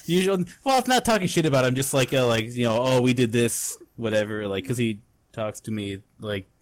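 A man's voice: mid-range voice, lively intonation, fairly quick, dry recording. A young man co-hosting a podcast, telling a rambling story full of swearing in casual chat. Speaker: podcast co-host.

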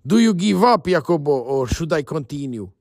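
A man's voice: a little high, big pitch swings, moderate pace, a little mellow, no echo, studio quality. A man doing Sinbad, bold young sailor.

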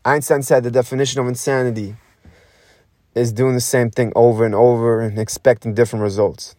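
A young man hosting a podcast, talking in a raw, intense monologue that swears a lot, repeats itself and pauses to breathe. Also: medium pitch, little pitch movement, warm tone, dry recording. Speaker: podcast host.

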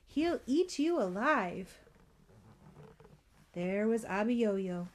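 A woman telling a children's story, expressive and adding spoken sound effects. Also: mid-range voice.

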